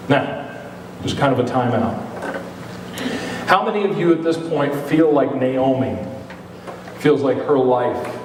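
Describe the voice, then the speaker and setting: A man's voice: medium pitch, a little slow, pauses often. Guy preaching, casual and jokey, lots of room echo, faint hiss behind. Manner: conversational, joking asides to the congregation. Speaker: pastor. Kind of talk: sermon. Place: church sanctuary. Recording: echoey hall, mic at a distance.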